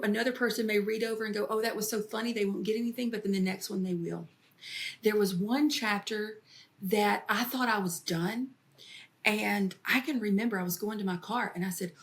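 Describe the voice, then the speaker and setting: A woman comedian and author, telling stories in an interview and slipping into voices when she quotes family. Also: mid-range voice. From American South. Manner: storytelling, animated when quoting family. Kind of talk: interview conversation.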